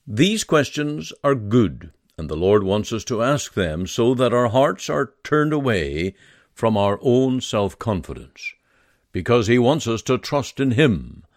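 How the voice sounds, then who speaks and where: A man giving a devotional sermon, reading scripture and leading a prayer in a slow, earnest, measured way. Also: fairly low pitch, no room sound, studio quality. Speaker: preacher.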